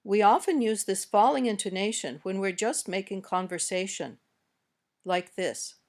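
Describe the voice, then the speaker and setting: A woman with an American accent reads a scripted English lesson in a mid-range voice. She speaks slowly and carefully, modeling each example sentence. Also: medium pitch. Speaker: English teacher.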